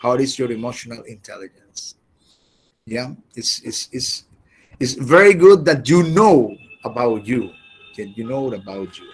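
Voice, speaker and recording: A man teaching an English class over a video call, halting and often repeating words as he explains. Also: mid-range voice, animated, slightly rough. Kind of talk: online class lecture.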